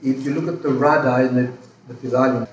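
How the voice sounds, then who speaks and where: A man's voice: medium pitch, steady tone, brisk, highs cut off. A man who is a priest giving an earnest, emphatic pastoral talk, repeating his points with rambling asides. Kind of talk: pastoral talk answering a listener. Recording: echoey room, distant mic, faint noise.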